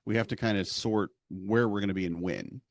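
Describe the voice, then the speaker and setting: A man co-hosting a podcast who runs tabletop games, talking in a relaxed, rambling and self-deprecating way. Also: lowish voice, brisk, no room sound. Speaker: podcast co-host and game master. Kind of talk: casual podcast chat.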